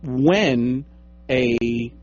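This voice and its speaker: A man's voice: medium pitch, drawn-out words, a little mellow. A young man co-hosting a radio show, bantering casually and teasing his co-host with frequent laughter. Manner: joking, teasing, laughs often. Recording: dull lo-fi radio stream.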